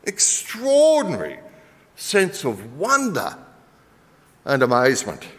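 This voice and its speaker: Animated Australian preacher in a reverberant hall. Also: male voice, fairly high pitch, moderate pace. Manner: animated, shifts between loud emphasis and quiet. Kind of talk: sermon with storytelling.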